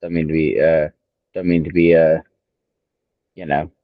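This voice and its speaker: A man's voice: rumbling low, flat delivery, normal speed, dry recording, phone-quality sound. Blunt, profane man in his forties. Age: 40s. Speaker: podcast co-host. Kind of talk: casual chat.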